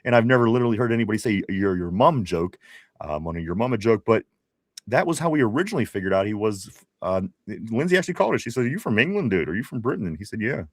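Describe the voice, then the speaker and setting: A man's voice: fairly low pitch, fast, no echo. Joking male live-stream host, dry sound. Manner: joking and animated, with laughs. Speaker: podcast co-host reading viewer comments. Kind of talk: casual live-stream chat.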